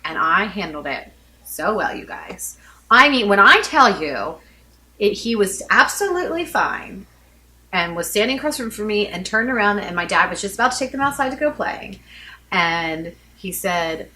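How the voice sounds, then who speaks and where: A woman in her thirties co-hosting a casual chat, telling stories in an animated, dramatic way. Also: mid-range voice, normal speed. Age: 30s. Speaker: podcast co-host.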